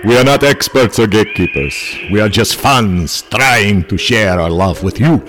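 A man's voice: moderate pace, noisy background, close to an everyday voice. A man putting on the voice of a theatrical vampire count to open a podcast. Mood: hammy spooky. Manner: hammy, booming spooky welcome. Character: theatrical male vampire count, spooky host.

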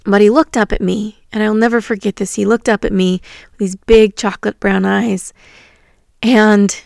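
A woman, a teacher, telling a personal story from her classroom in a reflective, earnest way, pausing often. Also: medium pitch, gravelly, a little mellow, no room sound, studio quality. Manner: reflective, earnest, with pauses and fillers.

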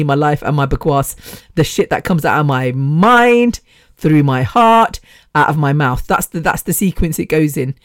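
A British woman hosts a podcast, rambling casually through a monologue, laughing often and losing her train of thought. Her voice is low-pitched, and the studio recording is clean with no room sound.

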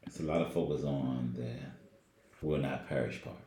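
A man with a very deep, warm voice reflects on scripture during a casual Bible study discussion, speaking at a moderate pace. His talk rambles and is heavy with fillers. The recording has room echo and faint noise.

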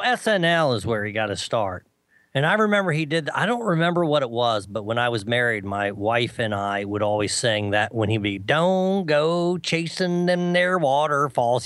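A man chatting casually as a co-host, telling a lively story and mimicking others in a high voice. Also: no room sound. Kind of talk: casual chat.

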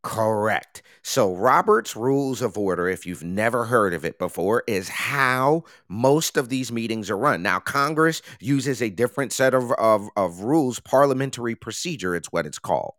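A man's voice: mid-range voice, expressive, moderate pace, few pauses, fairly bright tone, no room sound, clean studio sound. A man co-hosting a political talk show, explaining meeting rules in an emphatic, lecturing way. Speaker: co-host. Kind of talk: political commentary chat.

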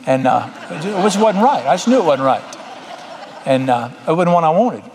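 A man's voice: fairly high pitch, lively intonation, brisk, a little mellow, a little hiss or hum. A middle-aged man preaching a sermon as pastor, folksy, with emphatic bursts. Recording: long hall reverb.

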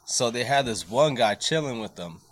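A man's voice: mid-range voice, animated, normal speed. A young man casually telling a ghost story to friends, slangy and laid-back, swearing often.

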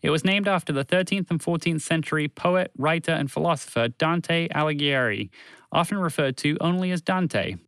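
A man narrating a children's story in an animated, expressive reading. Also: on the high side, moderate pace, smooth, no echo.

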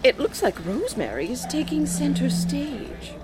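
A woman's voice: high voice, sing-song, normal speed, heavy background noise. A woman reading an audiobook in the role of a wry, prim amateur lady detective. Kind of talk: audiobook narration with voices.

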